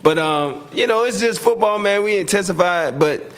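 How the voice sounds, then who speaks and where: Animated man telling a sports story. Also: sits high, normal speed. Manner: animated, acts out quotes, laughs often. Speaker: guest, former NFL receiver. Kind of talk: casual storytelling.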